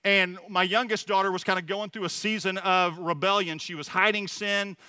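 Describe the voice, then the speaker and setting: A man's voice: high-pitched, fairly even intonation, normal speed, sharp tone, clear, resonant tone, dry recording. A middle-aged man preaching a sermon at a Sunday service, earnest and personal, telling stories with frequent restarts. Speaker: church leader speaking at a Sunday service.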